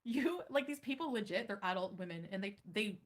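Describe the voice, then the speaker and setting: A woman's voice: medium pitch, expressive, brisk. A woman livestreaming, ranting defensively at her viewers and answering chat. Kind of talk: livestream rant.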